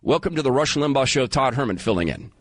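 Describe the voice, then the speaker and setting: A man around fifty hosting a talk radio show, emphatic and animated, taking calls. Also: medium pitch, quick pace, no room sound. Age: 50s. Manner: animated, emphatic, turns emotional. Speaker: guest radio host. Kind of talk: talk radio monologue and call-in.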